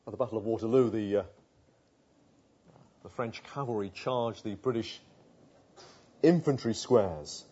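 A man preaching a sermon, retelling scripture with earnest rhetorical questions and dropping to a hush at tender moments. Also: lowish voice, measured pace, pauses often, husky. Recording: dull lo-fi sound.

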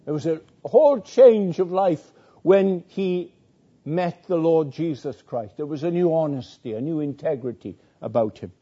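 A man preaching a sermon in a slow, deliberate way, quoting scripture and repeating phrases for weight. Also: fairly high pitch, mellow, breathy edge. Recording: dull lo-fi recording.

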